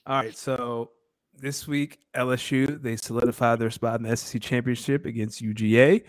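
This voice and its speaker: Relaxed man in a dry room. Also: mid-range voice, moderate pace, no echo. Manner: relaxed, runs down scores with fillers. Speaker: podcast co-host. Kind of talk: casual sports chat.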